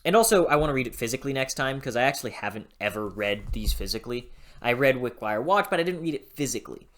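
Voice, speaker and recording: A young adult reviewing a book in a casual vlog, rambling and gushing, then bursting into loud swearing rants. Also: medium pitch, animated, fast talker.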